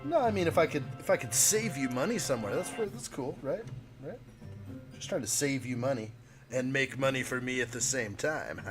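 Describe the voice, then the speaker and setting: A man's voice: medium pitch, animated, moderate pace, music in the background. A man hosting a casual live stream, joking around and reading viewer chat aloud. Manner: playful, jokey, reads chat aloud.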